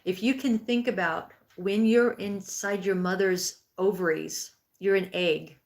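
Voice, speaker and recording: A woman's voice: medium pitch, fairly even intonation, a little slow. Earnest woman in her sixties. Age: 60s. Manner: earnest and conversational, with frequent restarts; acts out inner thoughts in a raised, pleading voice. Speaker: spiritual healing speaker. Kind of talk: live-streamed talk answering viewer comments.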